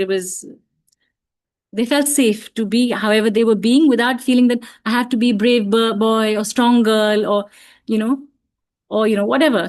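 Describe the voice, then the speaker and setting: A woman explaining in a gentle, reflective way, often saying "you know" and restarting her sentences, in an online talk for parents. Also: a little high. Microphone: video call.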